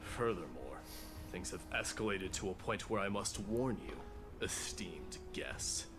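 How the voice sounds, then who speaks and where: A proud young heir in a video game who speaks formally and with measured weight. His voice sits very low, and clear music plays behind the game dialogue. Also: expressive.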